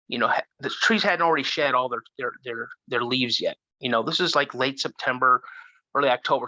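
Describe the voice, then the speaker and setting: A man in his fifties, a guest telling a first-person story in an animated way, with frequent restarts. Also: medium pitch, dry recording, highs cut off. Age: 50s.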